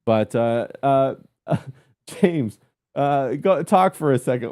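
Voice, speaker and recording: A man hosting a livestream in casual chat, halting with many fillers as he reads the chat aloud. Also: medium pitch, lively intonation, a little mellow. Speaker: livestream host.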